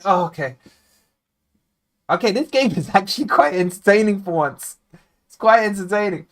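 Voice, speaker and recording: A man hosting a live football watchalong, talking casually and bluntly to his viewers and swinging between grumbling and loud cheering. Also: sits high. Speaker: football fan channel host. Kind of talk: live match watchalong commentary.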